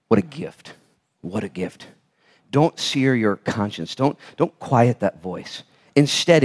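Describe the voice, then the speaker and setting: Animated preaching man, soft to loud. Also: medium pitch. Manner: animated, swings from soft intensity to loud exclamations; storytelling, acts out quoted dialogue. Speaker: pastor. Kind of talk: sermon. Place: church.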